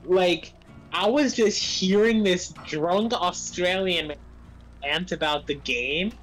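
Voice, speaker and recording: A woman gaming on stream, chatting casually and telling an animated story. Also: lowish voice, slow, soft background music, low-quality recording. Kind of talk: casual chat while gaming.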